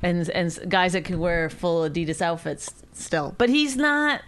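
A woman's voice: on the low side, sing-song, moderate pace, slight background noise. A woman co-hosting a show, arguing in casual banter, swearing freely and using lots of fillers. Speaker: co-host reacting to a comedy clip.

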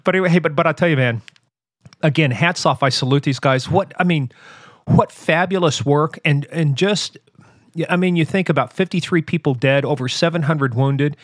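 A man hosting a podcast in casual chat, joking and animated as he talks with his co-host. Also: on the high side, moderate pace, no echo, studio quality.

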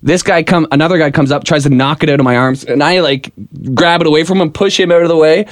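A young adult man co-hosting a podcast, telling a story in a casual, animated way and acting out shouted lines. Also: fairly high pitch, fast talker, no room sound, clean studio sound. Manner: animated, mimics shouted voices in anecdotes. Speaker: podcast co-host.

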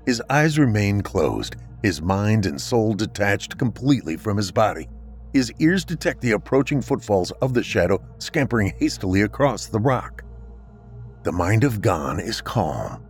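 A man narrating a scripted story in a dramatic, expressive reading. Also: fairly low pitch.

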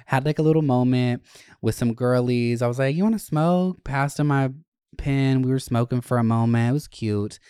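A young adult podcast host telling stories in a casual, animated, profane way. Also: medium pitch, moderate pace, clear, resonant tone, no room sound, studio quality. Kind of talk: casual chat.

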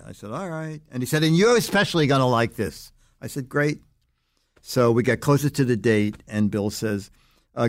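An older man, a guest on an interview podcast, telling animated anecdotes and acting out other people's lines. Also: medium pitch, no room sound, studio quality. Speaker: guest, longtime magazine writer.

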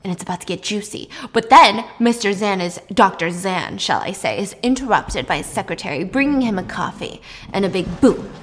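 A woman's voice: medium pitch, animated, a little fast, a bit bright. A woman hosting, casually recapping a film in a chatty way while baking. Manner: chatty, laughs often, uses 'like'. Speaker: host.

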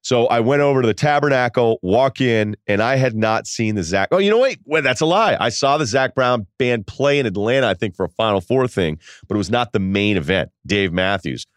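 A man's voice: medium pitch, a little fast, few pauses, no echo, studio quality. A man hosting a podcast, telling a story casually, laughing and quoting people as he goes. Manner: animated, laughing, quotes people in voices. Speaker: podcast host.

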